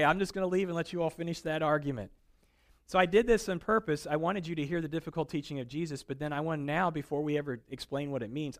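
Pastor, male, lively casual sermon delivery, slightly high voice. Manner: animated, conversational preaching with acted-out quotes.

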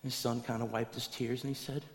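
A man preaching a sermon as pastor, telling stories with animated, acted-out voices. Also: medium pitch, fairly quick. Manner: animated storytelling, acts out voices in anecdotes. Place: large church hall. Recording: echoey hall, preached from a stage.

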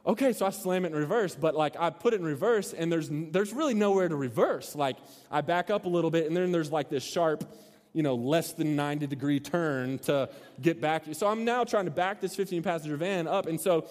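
An animated man preaching a sermon, telling a long story and acting out shouts. His voice sits a little high for a man and rings in the long reverb of a big hall. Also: fairly quick. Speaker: pastor.

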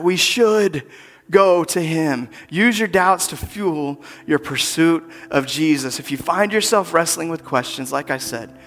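A man preaching, his voice high and bright. He delivers the sermon with energy and acts out the people he quotes. He sometimes sinks to a hushed near-whisper to stress a point. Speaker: pastor.

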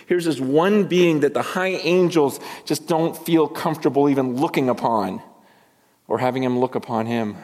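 A male pastor preaching a sermon, swinging between loud emphasis and hushed asides and repeating words as he builds his points. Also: medium pitch, moderate pace. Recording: long reverb from a large hall.

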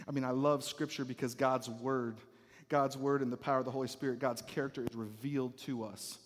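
A man preaching a sermon, emphatic and repetitive, often dropping to a near-hush to drive points home. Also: mid-range voice, fairly even intonation, a little fast. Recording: long hall reverb.

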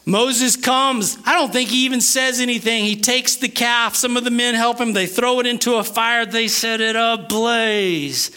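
A male preacher with a bright, forceful voice delivers an emphatic sermon. He moves between loud, punchy declarations and quiet asides, and acts out the scripture with voices. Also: very high-pitched, fairly even intonation, normal speed, hardly any pauses, clear, resonant tone. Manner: dramatizes scripture with acted voices. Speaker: pastor.

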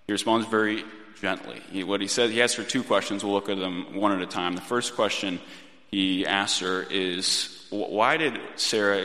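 A man in his thirties preaching a sermon in a gentle, reflective way, often restarting his phrases. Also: deep voice. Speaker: pastor. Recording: long reverb of a church hall.

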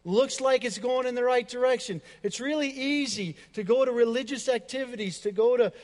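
A man preaching a sermon as pastor, swinging between loud, declaring passages and hushed, soft ones. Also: extremely high pitch, a little fast, big-room sound.

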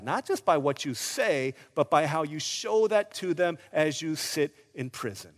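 High-voiced animated man preaching in a hall. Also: normal speed, few pauses. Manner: animated preaching, swings from loud urgent bursts to hushed tones. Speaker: pastor. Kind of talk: sermon.

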